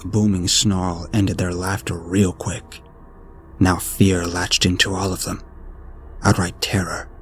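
A man narrating a horror story in a steady, ominous storytelling manner. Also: low-pitched, measured pace. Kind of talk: scripted narration. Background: faint music.

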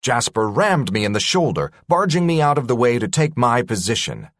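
A man's voice: medium pitch, big pitch swings, normal speed, no echo, studio quality. A man narrating a science-fiction story in a dramatic, tense first-person reading.

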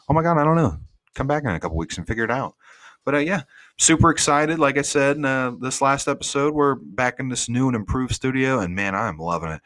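A man's voice: medium pitch, expressive, fast, a bit bright, no room sound. A man hosting a podcast, talking through a video game in a casual, rambling way with lots of fillers, from his home studio. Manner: rambling, with many fillers and asides. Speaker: podcast host. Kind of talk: casual gaming recap.

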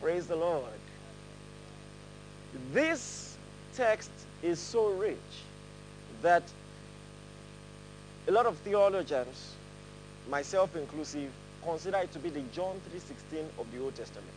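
A male pastor preaching in a high, sing-song voice that leaps up and down. He laughs easily and calls his congregation to read aloud with him. A faint hum sits under the sound. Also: slow, pauses often, poor audio. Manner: animated, laughing, leads the congregation in reading aloud. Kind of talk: sermon. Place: church hall with a congregation.

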